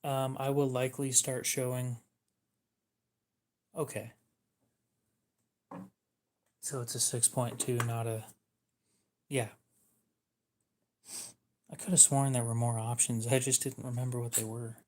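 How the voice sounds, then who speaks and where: A man's voice: mid-range voice, little pitch movement, measured pace, long pauses, a little mellow, a little hiss or hum. A young man hosting a livestream, giving dry, teasing replies to chat in casual talk. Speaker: livestream host.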